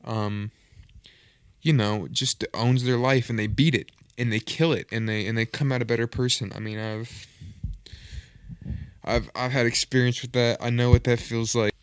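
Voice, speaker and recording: A man's voice: mid-range voice, fairly even intonation, moderate pace, smooth, no room sound. A man hosting a reaction video, commenting in an earnest, rambling, self-reflective way.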